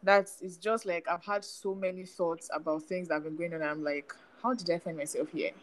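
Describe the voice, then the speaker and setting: A young adult woman from Nigeria with a Nigerian accent, co-hosting a casual chat podcast and talking in an animated way, full of fillers. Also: lowish voice, a little fast, poor audio. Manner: animated, chatty, lots of fillers. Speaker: podcast co-host.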